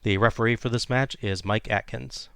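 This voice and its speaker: A man co-hosting a podcast, retelling a wrestling match play by play in a steady, casual way. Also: lowish voice, normal speed, vocal fry, smooth, no echo, studio quality. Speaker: podcast co-host recapping wrestling. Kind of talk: casual recap narration.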